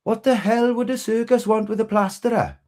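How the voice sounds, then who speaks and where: A man voicing a deadpan male talking duck in a high, slow, put-on voice for a told joke. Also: natural voice. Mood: incredulous.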